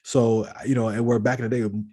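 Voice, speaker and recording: A man's voice: mid-range voice, flat delivery, fairly quick, mellow, husky. A man co-hosting a gaming podcast in casual chat, rambling with many restarts and fillers. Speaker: podcast co-host.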